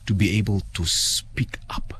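A man's voice: on the low side, fairly even intonation, a bit bright, slight background noise. A man who is a trauma counselor, speaking earnestly as a guest on a late-night radio talk show. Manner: earnest, measured, speaks of faith.

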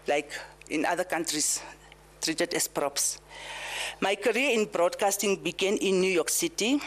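A woman from Namibia whose English carries an Afrikaans and Herero accent, giving a formal farewell speech as head of a pageant organization. She stresses points by repeating phrases and laughs at her own jokes. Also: fairly low pitch. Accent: Namibian English with Afrikaans and Herero influence. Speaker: pageant organization chief executive. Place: event venue before a live audience.

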